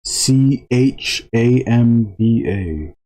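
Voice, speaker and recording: A man chatting casually to viewers while drawing on a live stream, rambling with frequent halting restarts. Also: medium pitch, lively intonation, warm tone.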